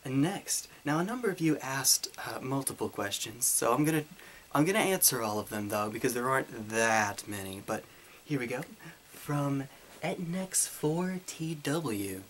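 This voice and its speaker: A man with a light Southern US twang, answering viewer questions in a casual Q&A while holding his voice deeper and fuller than usual. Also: moderate pace, a bit bright, slight background noise. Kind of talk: casual Q&A monologue.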